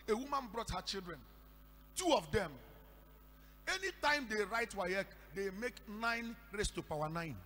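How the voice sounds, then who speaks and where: A Nigerian man preaching a sermon, telling stories and breaking into shouted declarations. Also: sits high. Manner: storytelling with sudden shouted declarations. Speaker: pastor. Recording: echoey hall with faint hum.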